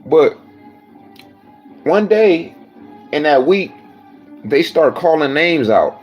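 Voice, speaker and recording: Man, blunt storyteller, heavy swearing, slightly high voice, faint music bed. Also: very animated, slow, muffled recording. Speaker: storyteller recounting jail time. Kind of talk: casual profane storytelling.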